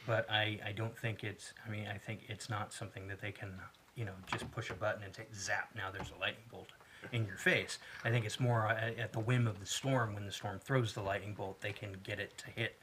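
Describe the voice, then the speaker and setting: A man's voice: fairly low pitch, a little fast, noisy background. A man co-hosting a casual talk show, telling rambling stories with lots of restarts. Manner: rambling, animated storyteller with many restarts. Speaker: podcast co-host. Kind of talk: casual chat.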